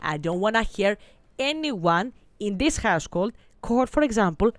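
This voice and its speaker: A woman's voice: mid-range voice, expressive, normal speed, no echo. A young woman with a Greek accent, retelling myths in a rambling, chatty way with many self-corrections and asides. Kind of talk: casual storytelling monologue.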